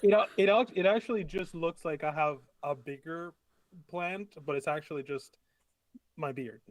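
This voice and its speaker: A man plays a tabletop game, playful and stumbling over his words. His voice is slightly high for a man, and the sound is dry and close. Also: moderate pace, no echo. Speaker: player. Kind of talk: casual tabletop play.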